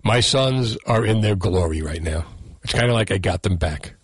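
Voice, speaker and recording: A man's voice: lowish voice, moderate pace, slightly rough, dry recording, studio quality. A middle-aged man from New Jersey hosting a call-in radio show, putting the same questions to listeners again and again with jokey asides. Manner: repeats questions to invite callers. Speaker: radio talk show host.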